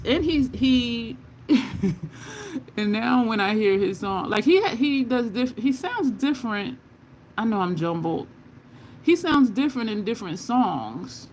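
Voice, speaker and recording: This woman, a makeup vlogger, has a medium-pitched voice with a little hiss or hum in the recording. Doing her makeup live, she chats casually, rambles through stories, and talks to viewers using Southern-style "y'all."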